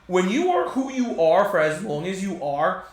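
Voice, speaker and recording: A young man, a podcast guest, joking and animated in casual chat. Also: high-pitched, normal speed, distant mic, a little hiss or hum. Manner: animated, jokey. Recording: echoey room.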